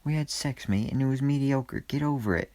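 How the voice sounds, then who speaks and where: A man's voice: medium pitch, brisk, a little mellow, dry recording, pitched above the performer's own voice, lightly acted. A man putting on a dismissive young woman with a clumsy fake British accent, as a quote in a review. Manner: blunt, brushing someone off.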